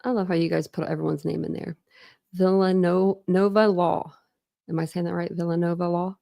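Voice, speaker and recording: A woman's voice: on the low side, flat delivery, fast, vocal fry, warm tone, no room sound, studio quality. A woman hosting a casual livestream, chatting with viewers, greeting them by name and laughing often. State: a bit out of breath. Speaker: livestream host. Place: small room at home with dogs.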